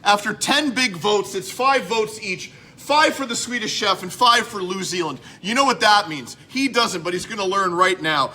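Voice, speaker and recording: A man's voice: high voice, lively intonation, normal speed, few pauses, bright, forceful tone. A man hosting a comedy talk show, goofy and over the top. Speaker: host.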